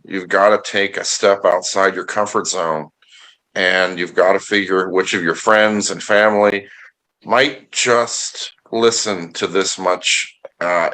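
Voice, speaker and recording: Deep-voiced halting man, guest. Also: pushed and bright, rough recording. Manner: halting, many restarts and fillers. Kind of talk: casual livestream interview.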